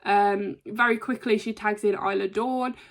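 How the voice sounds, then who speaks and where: A woman casually recapping a wrestling show, chatty with lots of ums and quick impressions. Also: mid-range voice, steady tone. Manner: chatty, frequent ums, brief imitations of wrestlers.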